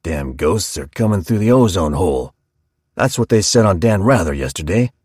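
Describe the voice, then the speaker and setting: Man voicing a cursing barber: gravel in the throat, blunt, low and dry. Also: lively intonation, normal speed, a little mellow, no echo. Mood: grumbling. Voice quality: grinding, gravelly. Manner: blunt, swearing. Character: gruff male small-town barber, blunt and cursing.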